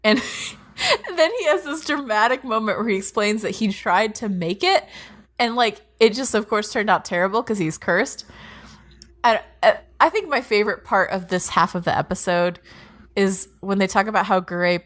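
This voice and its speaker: A woman's voice: medium pitch, expressive, moderate pace, a bit bright. Chatty laughing woman podcast co-host. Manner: chatty, laughs often, swears freely, many fillers. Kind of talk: casual anime recap chat.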